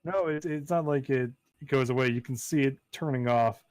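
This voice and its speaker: A man narrating a tabletop game as game master, in playful, halting narration with many fillers. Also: medium pitch, a little mellow, no echo.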